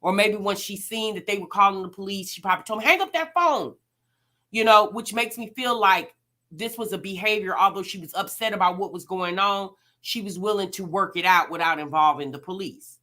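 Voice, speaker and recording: A woman's voice: medium pitch, steady tone, brisk, pushed and bright. A woman hosting a reaction vlog, talking casually to her viewers and firing off rhetorical questions. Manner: chatty, addresses viewers directly, rhetorical questions. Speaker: reaction channel host.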